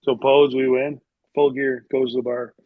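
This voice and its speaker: A man's voice: medium pitch, little pitch movement, normal speed, dry recording. A middle-aged man, a former hockey player, telling loose anecdotes as a podcast guest and padding them with filler words. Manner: rambling, with many filler words. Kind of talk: casual storytelling. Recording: dull, dry lo-fi sound.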